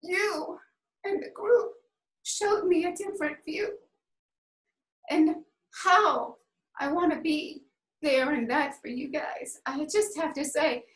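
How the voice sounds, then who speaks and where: A woman's voice: sits high, slow pace, pauses often, echoey room, rough recording. A woman from the American South with a mostly hidden Southern accent, giving a heartfelt, rambling personal speech at a club meeting. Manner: heartfelt, rambling, says y'all. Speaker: club speaker.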